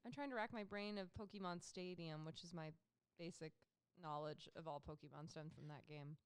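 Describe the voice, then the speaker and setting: A woman co-hosting a podcast in casual chat, wry and joking, quick to laugh. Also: sits low, steady tone, clean tone, no echo. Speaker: podcast co-host.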